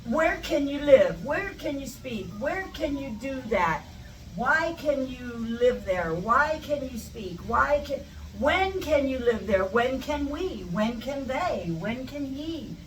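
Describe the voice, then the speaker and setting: Her voice is high and expressive, and she speaks slowly while teaching English to Spanish-speaking learners in a loose, conversational live lesson full of digressions and repeated example questions. There's static and echo, and the mic is far off.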